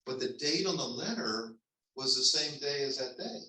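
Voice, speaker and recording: A man who is a pastor, telling a personal story to his congregation in a conversational, halting way with restarts. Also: mid-range voice, expressive, bright, forceful tone. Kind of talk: storytelling sermon. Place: church sanctuary. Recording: echoey church hall, mic at a distance.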